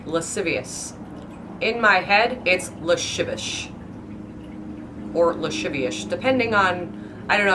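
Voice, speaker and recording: A deep-voiced woman vlogs about books over noisy surroundings. She rambles in a hyper, casual, playful manner, elongating words and overdoing their pronunciation.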